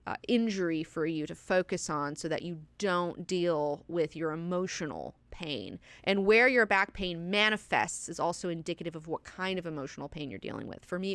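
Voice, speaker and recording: A woman's voice: on the low side, clear, resonant tone, dry recording. Candid, profane woman lecturing casually. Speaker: host of a book class. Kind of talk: casual lecture with personal asides.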